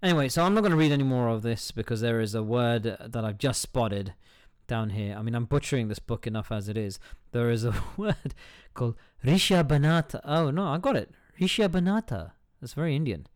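A man's voice: mid-range voice, expressive, a little fast, few pauses, darkish tone, clean tone, no echo. A man hosting a casual solo podcast, reading a book aloud, stumbling over hard words, cursing at himself and breaking off with joking asides. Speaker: podcast host.

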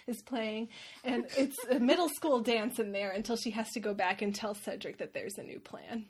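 A woman's voice: on the high side, fairly quick. Give me a woman host with a wry, irreverent tone recapping a story. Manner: wry, irreverent, laughs often. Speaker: podcast host. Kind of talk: comedic book recap.

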